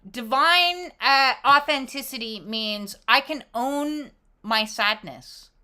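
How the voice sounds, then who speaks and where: A woman's voice: high voice, slow pace, sharp tone, clear, resonant tone. A woman doing a casual oracle card reading, talking emphatically with lots of fillers and casual swearing. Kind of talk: casual spiritual talk to camera.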